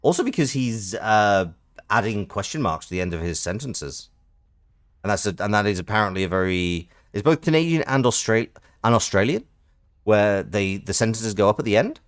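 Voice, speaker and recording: A man streaming a game, reading its text aloud and chatting in animated, quick asides. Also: on the low side. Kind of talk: casual game playthrough with narration.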